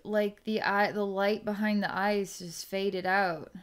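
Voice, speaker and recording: Smooth-voiced woman giving a psychic reading. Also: mid-range voice, fairly even intonation. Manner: musing, halting, thinking aloud with restarts. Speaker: psychic reader. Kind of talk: remote psychic energy reading.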